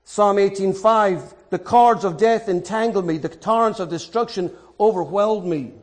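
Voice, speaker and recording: High-voiced male preacher. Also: normal speed. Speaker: pastor. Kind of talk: sermon.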